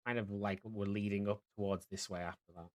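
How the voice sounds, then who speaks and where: A man running a tabletop game as dungeon master, narrating in a halting way with many fillers and restarts. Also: on the low side, fairly even intonation.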